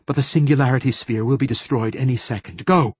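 A man's voice: lowish voice, brisk, darkish tone, slightly rough, no echo. A man voicing a grave male Templar priest of a sacred tree, urgent and strained in an audiobook.

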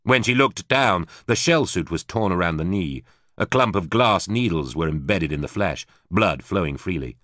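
A man narrating an audiobook in a steady, even storytelling manner. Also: low-pitched, normal speed, no room sound, studio quality.

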